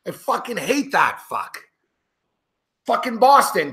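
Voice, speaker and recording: A man with a high, bright voice rants while he watches a game live, swearing and yelling at the players. He hosts a sports betting show and talks with angry, profane bursts and a sarcastic, lecturing edge. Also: very animated, slow pace, soft background music. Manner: sarcastic, lecturing rant at viewers.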